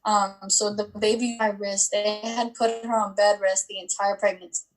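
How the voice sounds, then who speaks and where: A woman's voice: mid-range voice, little pitch movement, moderate pace, poor audio. Young woman in her 20s on an interview, talks casual, lots of like and um. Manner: chatty, with many likes and ums. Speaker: guest.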